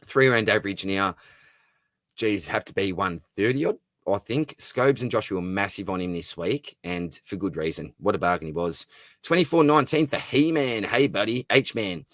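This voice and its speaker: A man's voice: on the low side, lively intonation, normal speed, fairly bright tone, no room sound. A man with an Australian accent hosting a live fantasy football stream, reading viewer comments and answering them in a chummy, upbeat way. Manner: chummy and upbeat, calls viewers mate and brother. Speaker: fantasy football livestream host.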